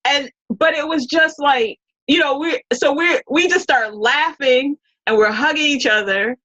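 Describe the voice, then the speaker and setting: A woman's voice: high voice, measured pace, sharp tone, low-quality recording. A woman as an interview guest, telling a story in a casual, rambling way full of restarts and quoted dialogue.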